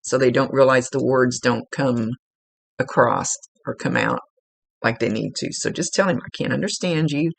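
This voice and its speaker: Woman psychic medium, gravelly low rasp, dry close sound, chatty and rambling reading style. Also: moderate pace, no room sound. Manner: informal, rambling, with many fillers and restarts. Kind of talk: one-on-one spiritual reading. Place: at home, seated.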